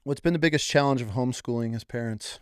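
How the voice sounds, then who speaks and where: A man's voice: mid-range voice, quick pace, clear, resonant tone, dry recording, clean studio sound. A man hosting a podcast in casual chat, laid-back and blunt, swearing casually. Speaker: podcast host.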